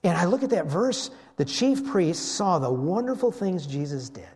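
A male preacher delivering a sermon with a fairly high voice that rises and falls all over the place. He tells the story in an animated way and jumps into the voices of the people in it, shouting their lines. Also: moderate pace, few pauses. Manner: animated storytelling, acts out voices of biblical figures.

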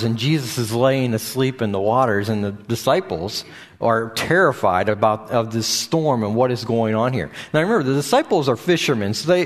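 Man, preacher, sermon, middle pitch, many fillers and restarts, unscripted delivery. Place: church or meeting room with a screen behind him.

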